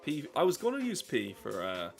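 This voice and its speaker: Irish male streamer, casual ranting commentary, middle pitch, music underneath. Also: huge pitch swings, moderate pace, creaky. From Ireland. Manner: ranting, profane, rambling. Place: at home.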